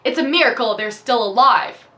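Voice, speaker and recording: A woman's voice: fairly high pitch, moderate pace, pushed and bright, reverberant. A woman reading aloud and voicing a tall, blustery male official in a cowboy hat. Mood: questioning.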